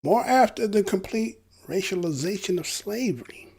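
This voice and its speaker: A man's voice: high voice, lively intonation, normal speed, vocal fry, a little mellow, husky. A man giving casual, preachy commentary to his viewers, often asking them rhetorical questions. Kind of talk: casual talk to camera.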